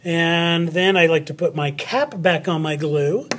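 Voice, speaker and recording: A man leads a children's spelling lesson, unhurried and playful. His voice sits a bit higher than most men's. He talks close to the mic as if to one child. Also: a bit bright, a little hiss or hum. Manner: playful, slow and patient, speaks to an unseen child. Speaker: teacher.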